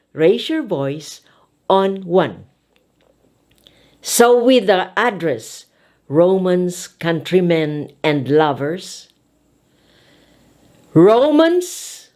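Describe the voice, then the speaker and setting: Lecturing as a speech coach, this woman talks at a very slow pace with lively pitch movement and strong emphasis. Her teaching style is deliberate and emphatic, showing off intonation patterns for her audience.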